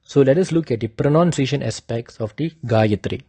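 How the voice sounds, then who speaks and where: A man slowly giving a lesson, carefully demonstrating correct pronunciation. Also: mid-range voice, dark tone, slightly rough, dry recording. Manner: slow and deliberate, demonstrating pronunciations. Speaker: teacher of Vedic chanting. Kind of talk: instructional talk.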